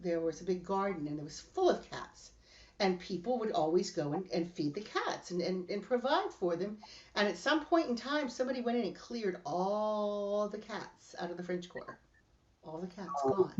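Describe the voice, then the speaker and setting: A middle-aged woman hosting a casual podcast chat, telling animated stories and laughing often. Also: mid-range voice, moderate pace, highs cut off. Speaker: podcast host.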